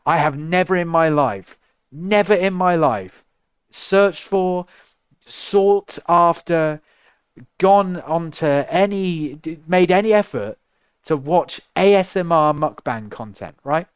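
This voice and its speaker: Young english guy ranting on his stream, smooth clear voice, bit higher, dry close mic. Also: takes it slowly, no room sound. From England. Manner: exasperated, animated ranting with rhetorical questions. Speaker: musician livestreaming on Twitch. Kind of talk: casual rant to stream chat.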